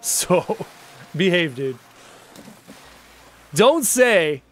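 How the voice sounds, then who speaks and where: A young man with a high, very lively voice chats with his viewers while he plays a game live. He jokes freely and keeps calling people dude. Faint music runs underneath. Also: extremely slow, long pauses. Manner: casual, joking, addresses chat as dude. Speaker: streamer. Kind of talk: live gameplay stream, chatting with viewers.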